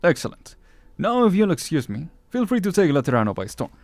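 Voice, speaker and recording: A man's voice: fairly high pitch, sing-song, a little fast, a little mellow, no room sound, faint music behind, voice pushed up. A man doing a stiff formal church official.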